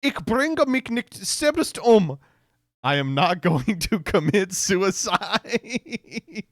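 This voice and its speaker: A man voicing a tearful, indignant older woman politician, speaking slowly. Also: high voice, sing-song, fairly bright tone, no room sound, clean studio sound, voice pushed up, heavily acted. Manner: slow, sobbing, indignant.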